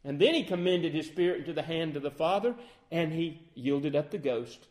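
A man preaching with an earnest, steady delivery. His voice sits a little higher than most men's. He quotes scripture often and presses harder as his points build. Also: moderate pace. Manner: earnest preaching that rises in force toward the close, with many scripture quotes. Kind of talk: sermon.

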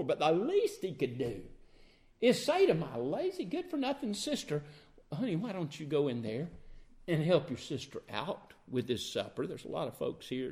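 A man's voice: on the high side, a bit bright, voice pushed down. A preacher acting out a fretful, overworked woman who scolds her guest for not helping. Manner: scolding, exasperated complaint.

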